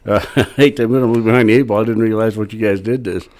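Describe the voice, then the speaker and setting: A man's voice: lowish voice, steady tone, fast, a little mellow. Friendly middle-aged male podcast guest. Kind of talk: casual chat.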